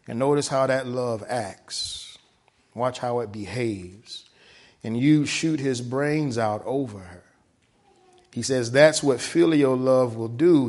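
Reading from a text and explaining it, a man gives a sermon in a medium-pitched voice. He keeps asking "right?", drawing out key words as his volume swings from hushed to loud.

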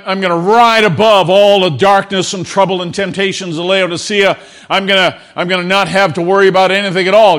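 A pastor with a high, fairly bright voice preaches to his congregation in church. He's earnest, tends to repeat words, and calls on the people to answer back.

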